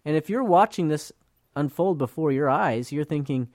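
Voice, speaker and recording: With an expressive, slightly high, darkish voice at a moderate pace, a male Bible teacher works through scripture earnestly and conversationally. He stumbles, repeats words and acts out the people he quotes, recorded close and dry with no room sound.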